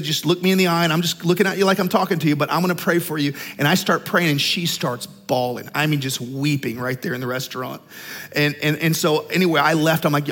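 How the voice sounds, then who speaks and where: A fifty-year-old man preaches in a loose, storytelling way, his voice sitting a bit high. His energy builds as he urges the crowd on, and the sound rings with the long reverb of a large church hall. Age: 50s. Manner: energetic, conversational, animated with rising intensity. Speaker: pastor. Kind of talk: sermon storytelling. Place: church sanctuary.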